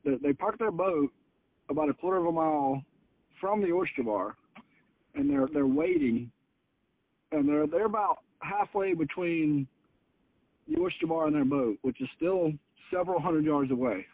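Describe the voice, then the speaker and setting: Fired-up, gravelly fishing captain. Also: male voice, a little high, expressive, moderate pace, pauses often, no room sound. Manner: fired-up, profane storytelling. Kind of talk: casual podcast storytelling. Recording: tinny phone-like audio.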